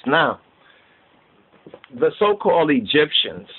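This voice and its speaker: A man's voice: medium pitch, slow. A man teaching a Bible study sermon in a preachy way, going over verses again and again and often asking whether listeners understand. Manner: preachy, repetitive, keeps asking "you understand?". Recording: tinny phone-like line.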